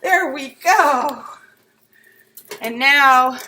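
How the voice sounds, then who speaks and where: A woman's voice: on the high side, slow, fairly bright tone, roomy sound, low-quality recording. A woman showing a bread recipe in her home kitchen, chatty and giggly as she talks through each step. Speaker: home baker demonstrating a recipe. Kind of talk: casual cooking demonstration.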